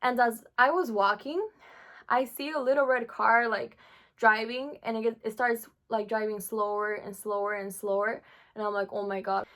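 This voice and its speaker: A woman's voice: on the high side, fairly even intonation, moderate pace, a bit bright. A young woman vlogger telling a painful personal story from her school days, emotional, with many fillers.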